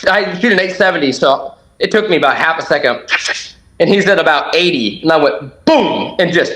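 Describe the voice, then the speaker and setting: A man guesting on a podcast, telling a hunting story with excited, animated energy and acting out his own shouts. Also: a little high, rough recording. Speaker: podcast guest, duck hunter.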